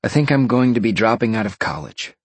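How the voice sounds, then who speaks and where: A man voicing a young lion-shifter man who speaks in a low, soft purr. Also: lively intonation, fairly quick, breathy edge, dry recording. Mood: resigned.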